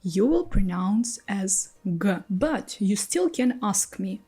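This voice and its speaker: A woman with Russian as her first language, explaining pronunciation rules patiently and slowly, repeating example words. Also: medium pitch, very animated, warm tone, breathy edge.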